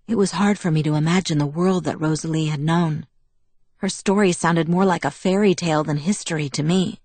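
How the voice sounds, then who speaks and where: A woman reading a novel aloud as a first-person narrator, measured and quiet. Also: lowish voice, dry recording. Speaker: audiobook narrator.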